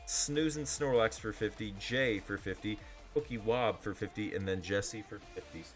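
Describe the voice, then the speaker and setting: A man talks in a loose, filler-heavy way while he hosts a card-selling livestream. His voice sits very low. Soft music plays quietly in the background. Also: normal speed. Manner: rambling and chatty, heavy on fillers. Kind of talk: casual livestream chat.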